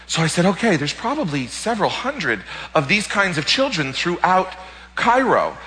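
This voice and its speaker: A man preaching as a pastor, telling a personal story in an animated way and often repeating words. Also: high voice, normal speed, big-room sound, poor audio. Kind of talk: sermon testimony storytelling.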